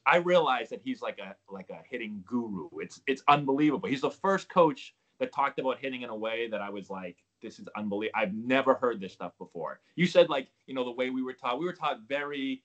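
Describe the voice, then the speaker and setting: A man's voice: mid-range voice, rough recording. A man in his thirties, a former pro ballplayer, telling stories casually and acting out the dialogue. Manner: animated storyteller acting out quoted dialogue. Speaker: guest, former pro baseball player. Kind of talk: casual storytelling interview.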